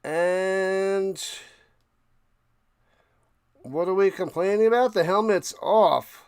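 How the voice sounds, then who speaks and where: A man hosting a live stream, mixing casual play-by-play of a football game with chat to viewers, getting loud on big plays and now and then coughing and clearing his throat. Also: sits high, takes it slowly, no room sound, clean studio sound.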